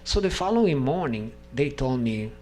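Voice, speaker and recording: With a mid-range voice at a moderate pace, a man for whom English is a second language tells a gathering about his own experiences. His delivery is animated, and he acts out what the people in his story said.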